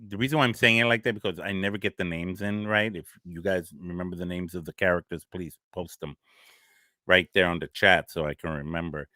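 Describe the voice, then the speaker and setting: A man's voice: fairly low pitch, sharp tone, no room sound, studio quality. A man hosting a casual spoiler chat about a horror movie. He acts out scenes, laughs often and answers a live chat. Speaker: horror show host.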